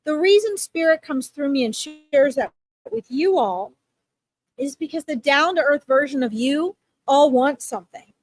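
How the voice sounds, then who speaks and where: This woman's voice sits high and is expressive, her delivery a little slow. Hosting live psychic readings, she speaks to her livestream audience in a relaxed, comforting way, peppering her talk with frequent okays and ums.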